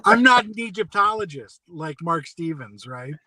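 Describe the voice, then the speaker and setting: Male panelist, wry and dry humor, bright mid voice, dry mic. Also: on the high side, lively intonation, moderate pace, no room sound. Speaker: podcast panelist. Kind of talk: casual chat.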